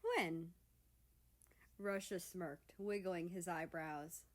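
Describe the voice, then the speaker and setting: A woman narrating a fan fiction story in an expressive, steady reading voice. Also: on the low side, measured pace. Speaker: story reader.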